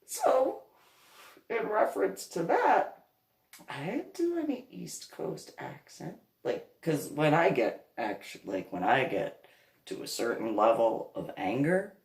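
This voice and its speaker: A woman from New Jersey talks slowly through a rambling story, her pitch rising and falling in a lively way. She laughs often between phrases. The recording is roomy, with a clear echo around her. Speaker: vlogger, reverend. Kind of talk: casual monologue.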